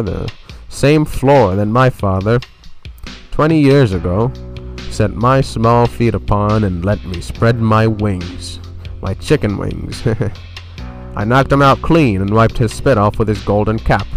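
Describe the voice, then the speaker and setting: Deadpan low-voiced male storyteller. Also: unhurried. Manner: wry, deadpan, self-mocking. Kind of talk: spoken short story. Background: soft guitar music.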